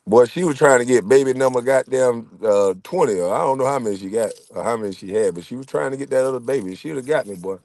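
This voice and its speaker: A man's voice: mid-range voice, quick pace, few pauses, dry recording. A middle-aged man telling funny, profane stories as he reacts to chat, laughing often. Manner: laughing, profane, animated storyteller. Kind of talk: casual profane storytelling.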